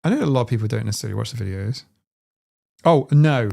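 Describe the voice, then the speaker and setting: A man's voice: medium pitch, animated, fast talker, vocal fry, darkish tone. A man hosting a live stream, chatting casually in a rambling, digressive way. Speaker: streamer host.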